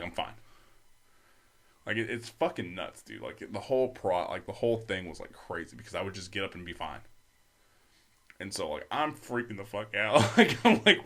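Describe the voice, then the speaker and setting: A young man with a very low voice tells a long story as a podcast guest. He talks loosely and profanely, with many fillers. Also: a bit bright. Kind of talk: casual storytelling.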